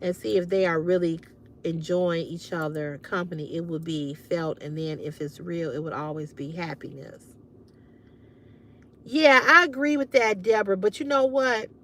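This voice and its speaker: A woman's voice: lowish voice, moderate pace, fairly bright tone. A woman hosting a livestream, giving emphatic, frank advice to her viewers in casual chat and swearing freely. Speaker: livestream host.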